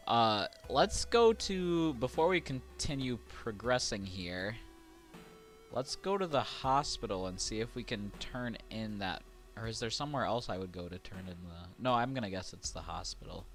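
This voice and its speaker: A man streaming a horror game, casually chatting, reading game text aloud and getting excitable. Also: medium pitch, moderate pace, faint music behind. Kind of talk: casual let's-play commentary.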